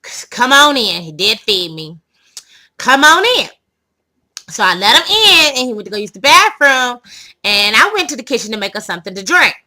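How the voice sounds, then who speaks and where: A woman vlogger telling a dating story to her viewers in casual, animated storytelling, dramatic and laughing as she goes. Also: mid-range voice, fairly quick, low-quality recording.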